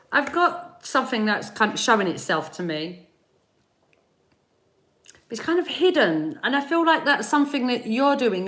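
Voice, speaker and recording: A woman hosting a live tarot reading, taking her time over every phrase. Her voice is bright and forward, and she speaks gently, repeating the viewer's name softly as she tunes in. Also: fairly high pitch. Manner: slow, soothing, repeats names while tuning in. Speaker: tarot reader.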